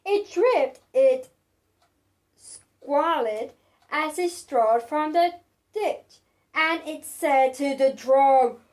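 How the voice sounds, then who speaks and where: A woman reading a picture book aloud to children in an expressive, sing-song way. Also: high voice, drawn-out words. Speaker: children's storyteller.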